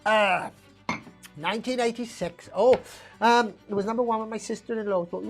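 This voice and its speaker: A woman's voice: fairly high pitch, moderate pace, faint music behind. Chatty woman hosting a quiz. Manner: chatty, rambling, laughs often. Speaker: quiz host. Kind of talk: live online pub quiz hosting.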